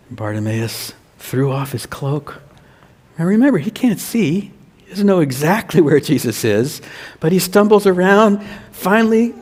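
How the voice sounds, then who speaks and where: A man, a pastor, telling a children's sermon as a slow story and asking the children questions. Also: medium pitch, darkish tone. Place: church. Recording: long church reverb.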